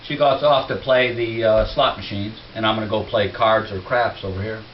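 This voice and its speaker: A man's voice: on the low side, fairly even intonation, moderate pace, far from the mic. A male stand-up comedian on a comedy club stage, telling a story in a conversational way that builds to punchlines. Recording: dull roomy club recording with faint hiss.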